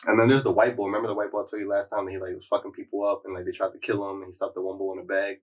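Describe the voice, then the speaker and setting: Husky young man telling a story. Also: lowish voice, flat delivery, racing, far from the mic, lo-fi sound. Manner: loose, slangy storytelling with frequent "like" and laughter. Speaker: podcast co-host recapping a show. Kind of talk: casual chat.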